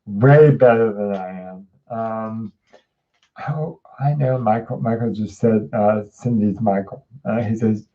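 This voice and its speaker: Rambling, slow-talking man reading tarot. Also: on the low side, phone-quality sound. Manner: rambling, many fillers and restarts, chatty with viewers. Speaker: host. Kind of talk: casual livestream tarot reading.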